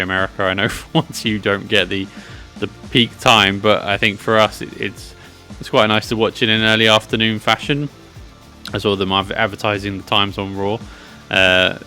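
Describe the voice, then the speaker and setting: Man, lowish voice, bright edge, casual rambling vlog talk, fillers and restarts. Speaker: wrestling channel host.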